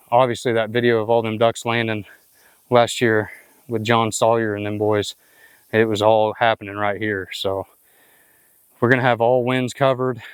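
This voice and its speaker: A man outdoors explaining his plans for a new duck blind in a plain-spoken, practical way, pausing and restarting as he thinks. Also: medium pitch, clean tone, dry recording. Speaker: hunting club worker. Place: outdoors in flooded woods.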